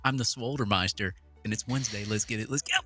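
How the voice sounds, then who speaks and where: A man's voice: fairly low pitch, quick pace, sharp tone, breathy edge, soft background music. A man co-hosting a casual sports show, talking in a hype, jokey, punchy way.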